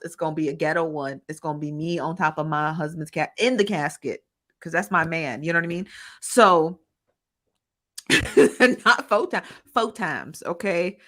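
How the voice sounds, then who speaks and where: A woman's voice: lowish voice, a bit bright. A woman hosting a casual live-stream commentary, laughing often and calling viewers "honey" and "child" as she reads the chat.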